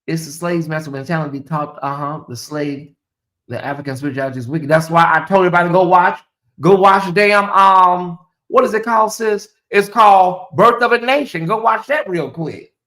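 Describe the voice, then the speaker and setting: A man with a high, bright voice hosting a casual livestream. He talks straight to his viewers, reads their comments aloud and breaks into mocking put-on voices. His delivery is animated and chatty. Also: normal speed. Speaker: host.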